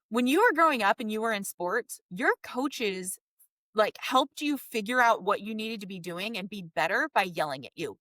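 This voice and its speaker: A woman's voice: fairly high pitch, a bit bright, no echo. A woman marriage coach giving direct, emphatic advice to husbands in a podcast monologue.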